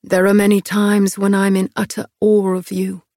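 A woman voicing a hushed, tender young man. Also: monotone, moderate pace, no room sound, clean studio sound, natural voice. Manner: low, hushed and intimate. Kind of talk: audiobook reading.

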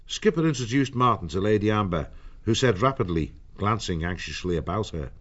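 A man reading an audiobook in a measured storytelling manner. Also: on the low side, animated, dull audio. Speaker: narrator. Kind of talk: audiobook narration.

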